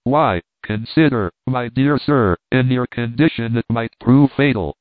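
A brisk, no-nonsense old-time doctor giving orders plainly, read by a man. The audio is thin and phone-like, dry and close. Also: mid-range voice, no room sound, close to an everyday voice. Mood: matter-of-fact. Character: brisk old-fashioned country doctor, matter-of-fact. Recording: tinny phone-like line, dry.

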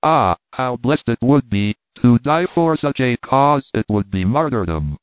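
A man voicing a pious young man who speaks in a quiet, solemn way with earnest fervor. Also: medium pitch, steady tone, moderate pace, clear, resonant tone, dry recording, close to an everyday voice. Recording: tinny phone-like line, dry.

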